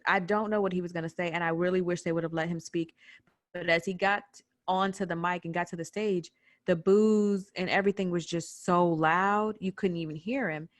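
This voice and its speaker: A young adult woman from the United States, telling a personal story on a podcast in an animated way, acting out what people said. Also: lowish voice, no room sound. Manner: animated retelling with quoted voices. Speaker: podcast guest recounting a protest. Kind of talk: personal storytelling in casual chat.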